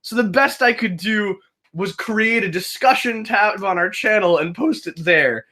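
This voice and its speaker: A young man with a high-pitched voice hosts a casual podcast at a moderate pace. He's a game master and an animated storyteller, restarting often, saying "like" a lot, and acting out the voices of the people in his story.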